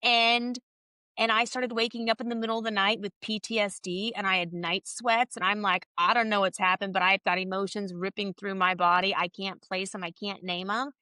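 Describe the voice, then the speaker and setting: A woman guest on a podcast, candidly telling a personal story in a casual, animated way and reenacting conversations as she goes. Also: medium pitch, normal speed, clean tone, no echo.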